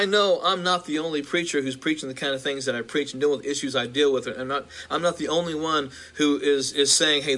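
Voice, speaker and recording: A male preacher recounting a vision, halting with restarts and building in intensity. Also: medium pitch, bright, forceful tone.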